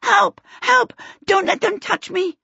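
A woman reading an audiobook, voicing a mischievous small boy in a high, childlike voice. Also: slow pace, vocal fry, pushed and bright, dry recording, full character voice. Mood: panicked. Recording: dull dry lo-fi recording.

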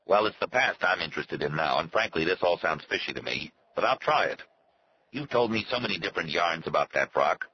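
A man's voice: deep voice, lively intonation, brisk, muffled recording, background noise. A man voicing a sly, brash businessman who talks in breezy, folksy slang. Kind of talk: audiobook character voice.

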